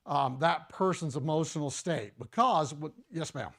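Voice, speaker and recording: A man's voice: on the high side, moderate pace, hardly any pauses, a bit bright. A middle-aged man teaching a first aid class to a live audience, casual and joking, talking straight to the people in the room.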